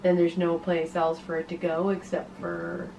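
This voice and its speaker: Woman, fairly low voice, relaxed chat, vlog co-host, finishes sentences. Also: moderate pace, gravelly, slight background noise, rough recording. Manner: chatty, finishes her husband's sentences. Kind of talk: casual chat.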